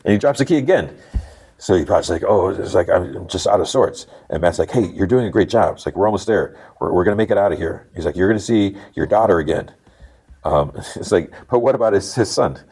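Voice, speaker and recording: Casting note: deep-voiced male podcast host, loose rambling recap, lots of "like" and restarts. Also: expressive, fairly quick, darkish tone, husky. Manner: rambling retelling with many fillers and restarts. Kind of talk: casual episode recap.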